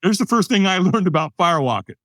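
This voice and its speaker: His voice sits high with lively intonation and a brisk pace, recorded dry. He's a podcast guest in his sixties from the United States, energetically relating a personal story and acting out the voices of the people in it.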